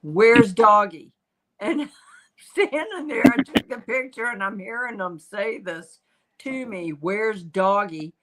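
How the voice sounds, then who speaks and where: An older woman, a psychic medium hosting a casual livestream, telling stories in an animated way. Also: fairly high pitch, unhurried, low-quality recording. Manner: animated storytelling, quotes spirits in voices. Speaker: psychic medium, show host.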